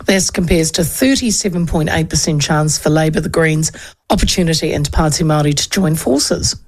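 A woman's voice: deep voice, brisk. A New Zealand woman in her fifties hosting a radio talk show, chatting casually and rambling through political polls with frequent ums and asides. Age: 50s.

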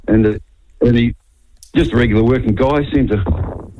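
A man's voice: mid-range voice, expressive, a little slow, background noise. A man with a New Zealand accent calling in to talkback radio, rambling through his opinion with many hesitations. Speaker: caller. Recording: tinny phone line.

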